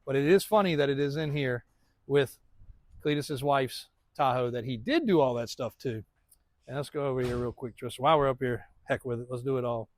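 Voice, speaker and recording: A man's voice: mid-range voice, brisk, no echo. A man in his thirties, a truck shop owner, rambling through a casual walkaround update of his lot, laughing often.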